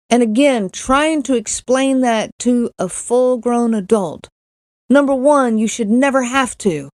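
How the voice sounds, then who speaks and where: A woman's voice: fairly high pitch, a little mellow, dry recording, clean studio sound. Earnest woman telling a personal story. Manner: earnest, repeats words, acts out quoted lines. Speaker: podcast host.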